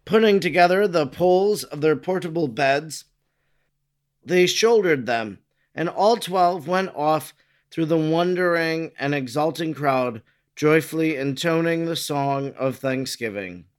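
A man narrating a religious text in a measured, formal reading. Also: on the high side, lively intonation.

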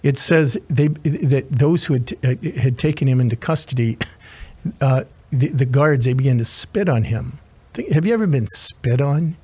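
A man's voice: mid-range voice, animated, moderate pace, a little mellow, husky. A man preaching as a chaplain, retelling a scripture story earnestly with frequent restarts and asides. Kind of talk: sermon.

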